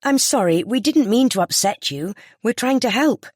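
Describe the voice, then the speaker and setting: A woman's voice: on the high side, expressive, normal speed, no echo, clean studio sound, voice pushed up. A narrator voicing a polite, well-meaning amateur sleuth woman who speaks earnestly and apologetically. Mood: pleading.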